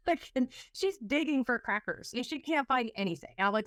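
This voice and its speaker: A lively woman podcast host spins a story in casual chat, breaking into laughs and playing out her own reactions. Her voice sits at an ordinary middle pitch, recorded close and dry with no room sound. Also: fairly quick, dry recording.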